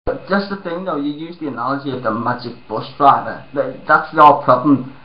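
A man's voice: mid-range voice, brisk, slight background noise. Hesitant stammering man in an echoey room. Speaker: caller in a live chat. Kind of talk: casual debate. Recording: echoey lo-fi webcam audio.

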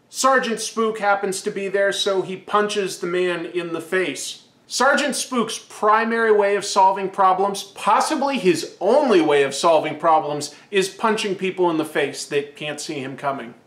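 Wry high-voiced man recapping comics. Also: moderate pace, a bit bright, reverberant. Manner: sarcastic, wry. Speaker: comic book reviewer. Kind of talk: comedic recap commentary.

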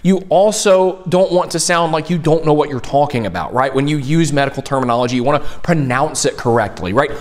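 A young man from Tennessee explains courtroom tips in a relaxed, conversational way. His voice sits a little high for a man, and he keeps checking in with his listeners. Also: a little fast, hardly any pauses. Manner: conversational, keeps asking "right?". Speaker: mock trial coach. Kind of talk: instructional video talk.

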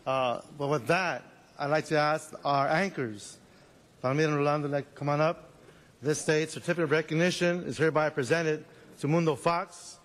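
A man's voice: on the high side, steady tone, moderate pace, fairly bright tone, in a large hall. A man on a city council formally presenting a certificate of recognition. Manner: formal, reads a proclamation. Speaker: council member presenting an award.

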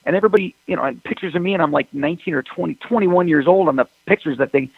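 A man's voice: on the high side, rapid-fire, creaky, slightly rough, dry recording. A man, a rock singer, telling stories in a casual interview and acting out phone calls in quoted voices. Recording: dry tinny phone line.

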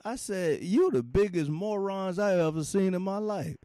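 A man preaching an informal sermon in a folksy, animated way, laughing often and talking straight to his listeners. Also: high voice, moderate pace, no echo.

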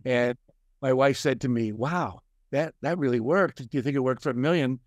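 Older male guest, animated storyteller, medium pitch, dry close sound. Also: moderate pace, no room sound. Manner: animated storyteller, acts out quoted voices. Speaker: guest, success coach and author. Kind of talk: storytelling in a conversation.

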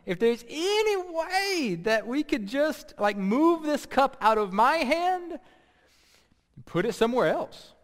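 A man's voice: medium pitch, moderate pace, lightly acted. A man voicing an anguished Jesus who prays in plain, informal modern words. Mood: pleading. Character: Jesus as grown man, anguished, pleading casually. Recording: long reverb.

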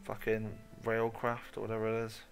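A man's voice: lowish voice, monotone, moderate pace, faint music behind. A man giving a goofy, sweary running commentary while playing a video game. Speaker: gaming channel host. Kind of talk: casual let's-play commentary.

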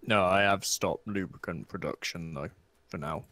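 Easygoing and mildly hesitant, a man co-hosting a factory game session with a friend fills his casual chat and outro with fillers. His voice is deep and sharp-toned at a moderate pace.

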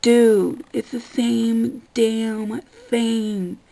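A woman's voice: fairly high pitch, steady tone, drawn-out words, creaky, mellow, soft background music, poor audio. A young woman vlogger ranting casually about annoying customers at work, exasperated and sarcastic, swearing often and acting out what customers say. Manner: acts out customers in quoted voices.

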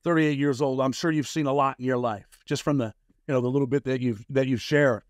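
A man's voice: mid-range voice, fairly even intonation, brisk, no echo, clean studio sound. A man hosting an interview, asking direct, blunt questions in a casual way. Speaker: interviewer host.

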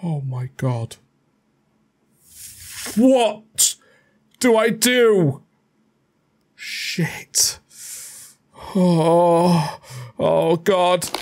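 A woman giving let's play commentary on a horror game, jumpy and swearing, with frightened yelps and shouts. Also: on the low side, drawn-out words, long pauses. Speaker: gaming video creator.

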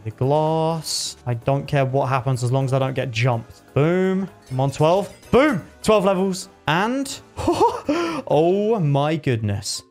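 A young gaming video creator gives excited live commentary on the game he's playing, with a fairly high-pitched voice. He talks to himself, yelps at close calls, and laughs at his own plays.

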